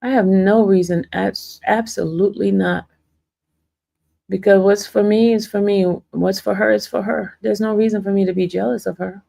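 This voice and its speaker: A woman's voice: mid-range voice, fairly even intonation, normal speed, vocal fry, warm tone. A woman talking defensively to her livestream viewers, laughing often and addressing them as y'all. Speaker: livestream host. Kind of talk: casual livestream chat.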